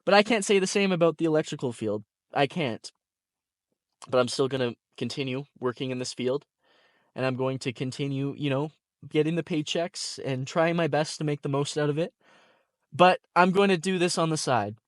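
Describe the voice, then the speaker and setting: Earnest young man, slightly higher voice. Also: moderate pace, no echo, clean studio sound. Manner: earnest, heartfelt, repetitive, talkative. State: teary-eyed. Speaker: content creator and electrician. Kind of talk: personal vlog to camera. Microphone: camera mic, talking to camera.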